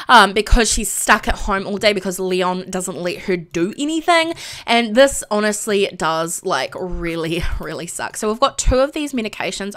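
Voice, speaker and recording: A woman's voice: mid-range voice, a bit bright. A young woman streaming a live let's play, chatting emotionally about the game with lots of filler ums.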